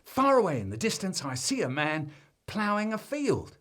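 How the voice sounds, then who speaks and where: A man spins a comic family tale, his husky voice leaping all over the place in pitch. His telling is broad and theatrical, with sudden jumps between hushed asides and loud exclaims. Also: normal speed. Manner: animated storytelling with big swings in pitch and volume. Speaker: storyteller. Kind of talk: comic family storytelling, chopped into a remix.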